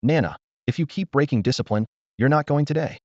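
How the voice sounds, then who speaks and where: A man's voice: mid-range voice, a little fast, no room sound, pitched above the performer's own voice, lightly acted. A man voicing a cold, stern young female squad captain who gives curt orders. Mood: icy. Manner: icy, curt, commanding. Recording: dull lo-fi dry recording.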